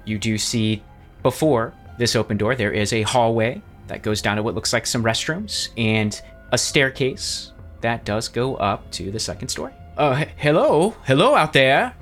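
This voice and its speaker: A man's voice: fairly low pitch, fairly bright tone. A man narrating a tabletop game as game master, speaking in a descriptive way with frequent restarts.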